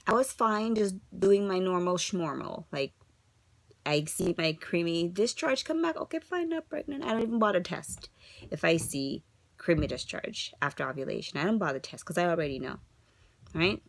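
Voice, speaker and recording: Woman, thirties, low husky-fry voice, upset but composed, confessional vlog. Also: expressive, moderate pace, no room sound. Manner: frustrated, rambling, rhetorical questions. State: upset, holding herself together. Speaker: vlogger sharing a fertility journey update.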